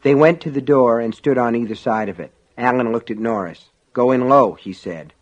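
A man reads a thriller novel in a measured, steady narration. His pitch sits in the middle range. The recording is muffled and lo-fi. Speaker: audiobook narrator. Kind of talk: scripted audiobook narration. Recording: dull lo-fi audio.

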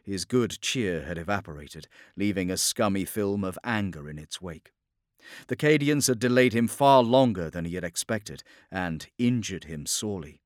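A man narrating a war story as a scripted audiobook, in a steady, dramatic storytelling delivery. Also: sits low, moderate pace, no room sound, studio quality.

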